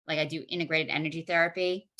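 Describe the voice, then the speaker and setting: A woman guest in a casual podcast chat, an animated storyteller who acts out quoted dialogue. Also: low voice, fast.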